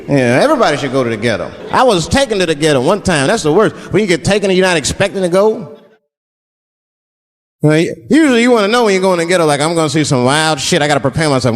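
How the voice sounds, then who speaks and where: A stand-up comedian from Washington, D.C., his voice high-pitched, performs on a large theater stage before a live audience. He tells stories animatedly and slips into put-on voices, and the audio has a big-room sound.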